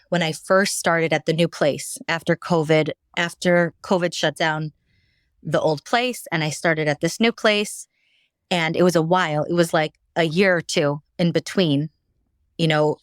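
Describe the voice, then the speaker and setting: A woman's voice: fairly low pitch, clean tone, no room sound, clean studio sound. A woman guest sharing a personal story in a candid, rambling way, with frequent restarts. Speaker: podcast guest.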